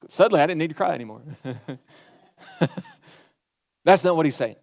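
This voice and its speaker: Pastor, male, high voice, chatty sermon with rhetorical questions. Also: animated, normal speed, pauses often. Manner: conversational preaching, rhetorical questions, acts out quotes.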